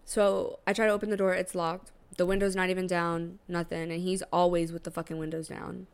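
A woman hosting a podcast, telling a story in a slangy, profane, animated casual way. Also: on the low side, brisk, creaky, smooth. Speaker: podcast host.

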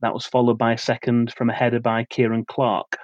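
A man co-hosting a football podcast, reading out a prepared match preview in a steady, measured way. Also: medium pitch, no echo, highs cut off. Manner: steady, measured delivery of facts and dates.

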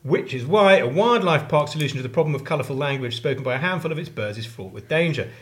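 A man's voice: a little high, lively intonation, fast talker. A middle-aged man with an English accent co-hosting a podcast in casual chat, joking, swearing and doing silly voices. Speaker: podcast co-host.

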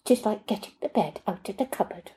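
A woman reading aloud and voicing a young immigrant cleaner, starved but calm, who speaks in a careful, formal way. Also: mid-range voice, a little hiss or hum, natural voice, low-quality recording. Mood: calm, firm. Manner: measured, formal, unyielding.

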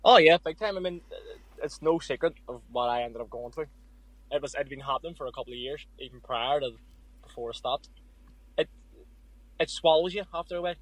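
Young irish guy on a podcast, quick and candid, dry close sound. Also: on the high side, dry recording, poor audio. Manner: candid, storytelling with quoted asides. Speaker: guest boxer. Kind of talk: casual podcast interview.

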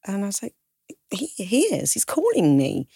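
A woman's voice: mid-range voice, huge pitch swings, moderate pace, creaky, warm tone, breathy edge, no echo, studio quality. A woman telling a personal story on a podcast, often breaking into the voices of the people in it and laughing nervously. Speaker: podcast co-host telling her own story. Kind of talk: candid conversational storytelling.

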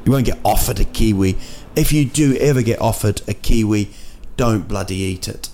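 Recording his casual solo show in a city room at night, a man talks at a normal speed in a lowish, dark-toned voice. He rambles and jokes, leaning heavily on fillers and starting sentences over.

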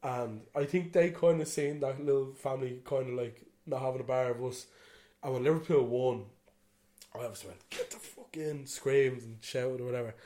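A warm, steady, medium-pitched voice belongs to an Irish man co-hosting a podcast at a normal speed. He rambles through a story in laid-back chat, swears freely, and often says "you know what I mean."

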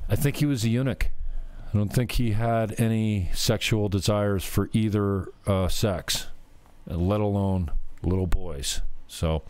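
A man's voice: lowish voice, fairly even intonation, measured pace, darkish tone, clean tone. A man vlogging a casual, rambling rant, swearing often and sounding exasperated.

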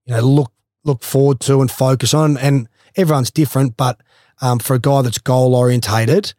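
A man, a former footballer, telling a swimming story in a casual, animated way, swearing freely and laughing as he goes. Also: medium pitch, moderate pace, no room sound, clean studio sound.

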